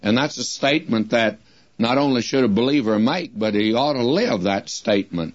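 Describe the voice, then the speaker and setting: An older man teaching a Bible passage on the radio, in a plain-spoken, deliberate way and quoting scripture in old English. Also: mid-range voice, expressive, no room sound. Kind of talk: radio sermon. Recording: dull lo-fi radio recording.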